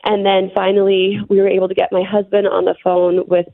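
A middle-aged woman being interviewed, recounting a frightening experience in a shaken, halting way with many fillers. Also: mid-range voice, flat delivery, creaky, no room sound. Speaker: interview guest. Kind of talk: telling a personal story. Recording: phone-line interview audio.

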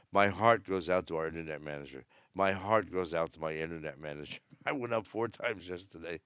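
Older man in his 70s, podcast host, gravelly and dry-miked, blunt rambling commentary. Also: sits low, fairly bright tone, no echo. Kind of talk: opinionated news commentary. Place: aboard a cruise ship.

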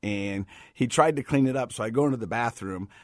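A man's voice: medium pitch, fairly quick, no room sound. Middle-aged male podcast co-host, chatty storyteller, dry close sound. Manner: storytelling, warm-hearted, says "you know" a lot. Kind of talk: casual chat.

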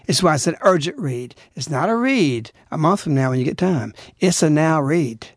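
A man's voice: on the high side, animated, moderate pace, no room sound, studio quality. A man hosting a religious radio show, preaching urgently and pleading with his listeners. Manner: urgent, exhorting, rising to pleading outbursts. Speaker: radio host.

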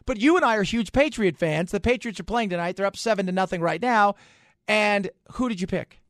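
A man hosting a talk radio show, chatting casually, animated and jokey, repeating himself for emphasis. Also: sits high, brisk, dry recording, studio quality.

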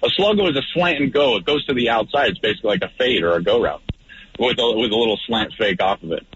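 A man who is a guest on a radio sports talk show, telling a story in a lively, animated way that gets loud at its peak. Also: medium pitch, quick pace. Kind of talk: animated storytelling in casual chat. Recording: dull lo-fi radio audio, faint noise.

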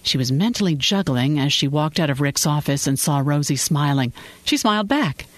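An audiobook narrator reading a story in a measured storytelling way, close to the mic. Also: medium pitch, animated, no room sound. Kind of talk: scripted narration.

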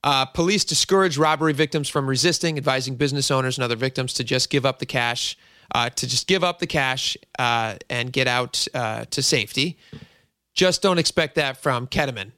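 Jokey, bright-voiced male radio host. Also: mid-range voice, a little fast, dry recording, clean studio sound. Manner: jokey, self-mocking, chatty. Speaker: radio talk show host. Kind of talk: casual talk radio.

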